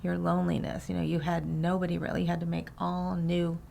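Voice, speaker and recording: A middle-aged mother speaking in a hesitant, halting way in a family conversation. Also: lowish voice, completely flat delivery, gravelly, slight background noise. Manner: soft-spoken, hesitant, halting. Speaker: mother of the storyteller.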